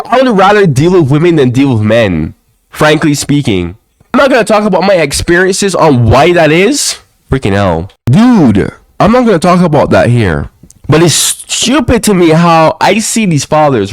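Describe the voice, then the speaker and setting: A man's voice: fairly high pitch, no room sound. A young man who is sick and sounds off, ranting bluntly in slangy, sarcastic casual talk. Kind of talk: casual opinion monologue.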